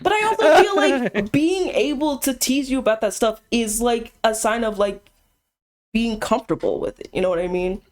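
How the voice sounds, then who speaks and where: A woman's voice: fairly high pitch, lively intonation, moderate pace. A woman chatting casually on a live stream, teasing her co-host bluntly and laughing often.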